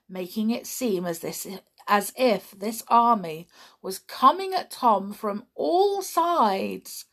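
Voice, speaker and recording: A woman reading a children's story aloud, dramatic and expressive, swinging from hushed whispers to loud cries. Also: mid-range voice, slow pace, vocal fry. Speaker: audiobook reader.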